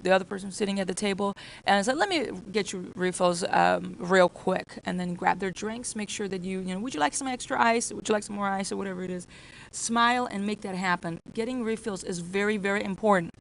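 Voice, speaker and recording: A woman's voice: mid-range voice, low-quality recording. A woman training restaurant staff. She talks in a repetitive, coaching way and often acts out exchanges with customers. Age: adult with children. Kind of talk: workplace training talk.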